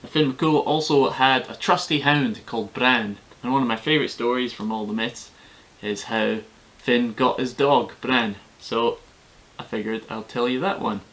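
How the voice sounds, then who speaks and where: A man telling a folk tale in a relaxed, chatty way. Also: medium pitch, moderate pace, few pauses, poor audio. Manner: relaxed and chatty, with colloquial asides. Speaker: storyteller. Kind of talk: casual oral storytelling.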